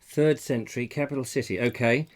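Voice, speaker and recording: A man's voice: medium pitch, fairly even intonation, darkish tone. An English man hosting a live comic chat show, joking and musing aloud over quiz answers. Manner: jokey, musing aloud, drawn-out puns. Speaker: comedy chat show host. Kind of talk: playful live show banter.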